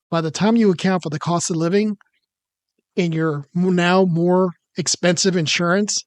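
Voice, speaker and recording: A man's voice: high-pitched, no echo, studio quality. A man working as a career coach, commenting on a clip and walking through hypothetical salary numbers.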